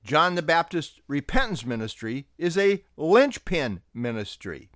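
Lively, earnest male pastor preaching. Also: on the high side, unhurried, no room sound, studio quality. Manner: earnest preaching with emphatic stresses. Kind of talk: devotional sermon.

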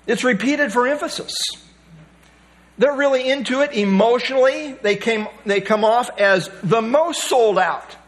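A man's voice: very high-pitched, a bit bright. A male pastor preaching a sermon, emphatic and repeating key phrases for weight.

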